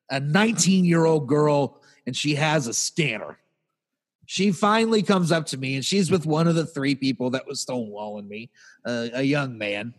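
This co-host's voice sits a little high and sounds like it's in a large hall. He rants casually through a funny, exasperated story on the podcast, loudly impersonating whoever he's quoting.

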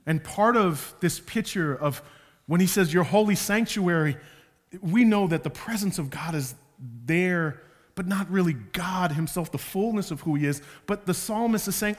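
A man preaching a sermon as a pastor, moving from quiet, slow passages to loud, emphatic ones. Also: sits high. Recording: long hall reverb.

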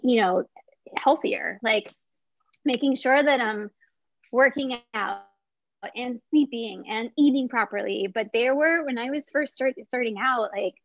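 Chatty, excitable woman on a dull recording. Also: fairly high pitch, no room sound. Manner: chatty and excitable, many filler words. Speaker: small business founder. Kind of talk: casual storytelling interview.

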